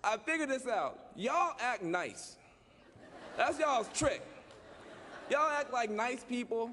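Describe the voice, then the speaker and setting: A man with a high voice works a crowd from a stage, folksy and teasing before growing earnest and preacher-like. His words ring out with the long reverb of a large hall, over faint room noise. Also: expressive, slow pace, pushed and bright. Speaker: keynote speaker, activist. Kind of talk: humorous conference speech to an audience.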